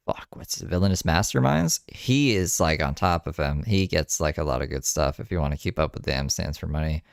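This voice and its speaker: Casting: man, deep voice, very animated, casual profane streamer commentary, close dry mic. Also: a little fast, creaky, no echo. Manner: casual, profane, rambling asides. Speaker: streamer commentating on a livestream clip.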